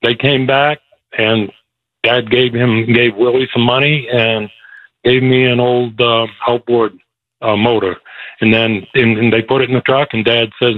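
A man's voice: medium pitch, level tone, measured pace, no room sound. A man telling a personal story as a phone-in guest, chuckling as he goes and moved at times. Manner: chuckling storyteller, gets emotional. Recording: tinny dry phone line.

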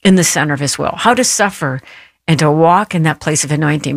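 Gravelly, earnest woman radio host. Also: low voice, fairly quick, no room sound, clean studio sound. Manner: earnest, emotional personal storytelling. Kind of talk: devotional radio message.

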